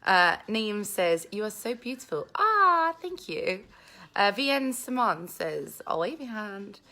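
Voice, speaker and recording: Holding her phone in hand at home with family, a woman from England hosts a relaxed live Q&A and reads viewer comments aloud. Her mid-range voice is animated, unhurried and a bit bright.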